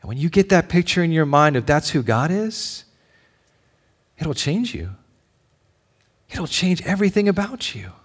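A man, a father with children, preaching a sermon, telling a personal story with animated ups and downs and dropping to a near whisper at tender moments. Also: fairly high pitch, unhurried, long pauses, slightly rough. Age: adult with children. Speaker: pastor.

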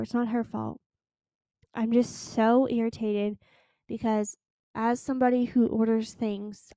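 A young woman telling a frustrated story in a casual podcast chat. Her voice is higher than most but mellow and dark, and it sits close and dry, with no room sound. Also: dry recording. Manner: exasperated, venting storyteller. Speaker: podcast host.

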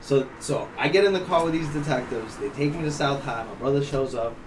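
A man from Ukraine, a native Ukrainian speaker, telling a story as a podcast guest in an animated, profane way, laughing often. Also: mid-range voice, fairly quick. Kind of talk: casual storytelling. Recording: distant mic, faint background noise.

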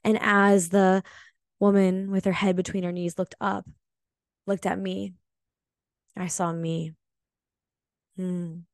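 A woman hosting a solo spiritual podcast, telling a personal story in an earnest, emotional and confessional way, often slow and reflective. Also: on the low side, little pitch movement, no echo, clean studio sound. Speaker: podcast host.

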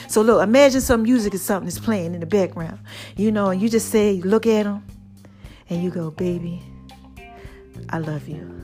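Woman, podcast host, high voice, preachy and affectionate, soft sultry murmurs, faint music behind.

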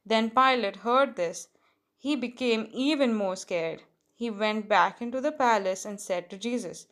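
Slow, measured woman reading scripture. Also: on the high side, fairly bright tone. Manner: slow, measured, with small slips. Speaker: scripture reader.

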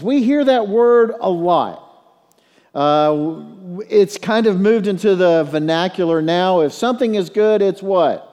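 A middle-aged man preaching a sermon as a pastor, telling stories and leading prayer in a hushed low voice. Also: unhurried. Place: church sanctuary. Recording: long reverb in a large hall.

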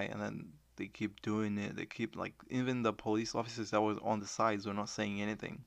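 A man with a Zimbabwean Shona accent talking earnestly in a casual monologue to viewers, switching between languages, with halting restarts. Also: fairly low pitch, steady tone, gravelly, no echo.

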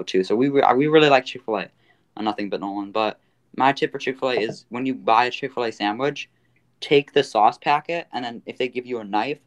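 A man hosting a casual podcast, rambling with many fillers. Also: medium pitch. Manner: rambling, full of fillers and restarts. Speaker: podcast host.

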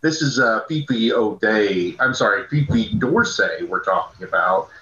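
A man chatting about old movies as a podcast co-host, with a bright, forceful edge to his voice. His remarks come out dry and wry. The recording is roomy and a little dull, like a lo-fi room mic. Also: fairly low pitch, animated, normal speed. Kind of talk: casual movie review chat.

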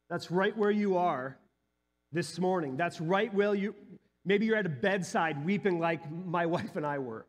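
A male pastor in his thirties or forties preaches a sermon, earnestly recounting a personal story that builds to emphatic peaks. His voice sits high.

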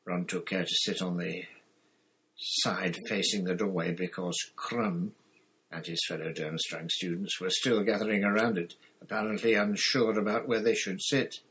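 Brief: male audiobook narrator, low voice, deliberate reading. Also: steady tone, a bit bright, low-quality recording. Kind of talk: scripted narration.

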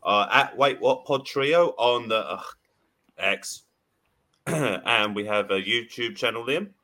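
A man's voice: medium pitch, slow, bright, forceful tone. A laid-back man co-hosting a casual podcast, rambling through the intro with plenty of fillers. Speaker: podcast co-host.

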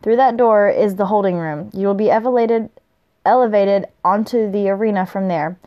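A woman's voice: mid-range voice, normal speed, lo-fi sound, lightly acted. A woman reading the lines of a curt, formal male arena guide in her plain voice.

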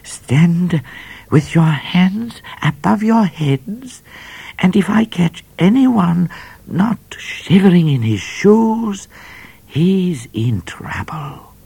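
A snarling bushranger cat. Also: male voice, sits high, animated, drawn-out words, vocal fry, mellow, slightly rough, no echo, voice pushed up, exaggerated voice. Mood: menacing. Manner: snarling, threatening. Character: menacing male cat playing a bushranger.

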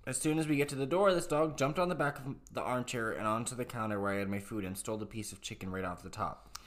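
A man co-hosting a podcast, reading posts aloud haltingly with restarts and breaking in with blunt, profane remarks. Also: mid-range voice. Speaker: podcast co-host.

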